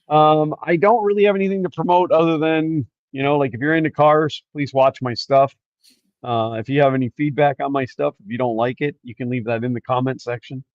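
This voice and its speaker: A man's voice: medium pitch, dry recording. A middle-aged man from the US co-hosting a livestream, chatting casually and joking at his own expense. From United States. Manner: joking, self-deprecating, rambling. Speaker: co-host of a livestream. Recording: dull dry home mic.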